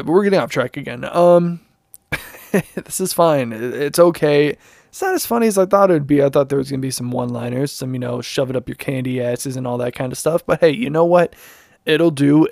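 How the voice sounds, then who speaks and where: A man's voice: mid-range voice, creaky, dry recording, clean studio sound. Rambling man hosting a podcast. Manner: rambling, self-interrupting, chuckling asides; reads text aloud flatly without doing impressions. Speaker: podcast host. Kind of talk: casual solo podcast talk.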